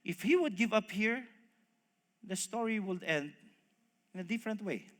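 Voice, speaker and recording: A man preaching a sermon, telling a story with animated voices and speaking to the congregation as folks. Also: sits high, moderate pace. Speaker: pastor. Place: church hall. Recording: long reverb of a church hall.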